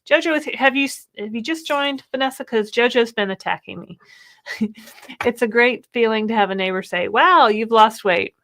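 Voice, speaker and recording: A woman's voice: a little high, moderate pace, fairly bright tone. Chatty woman in her fifties, live chat. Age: 50s. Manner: chatty, laughs often, reads comments aloud. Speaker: co-host of a livestream. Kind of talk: casual live chat reading viewer comments.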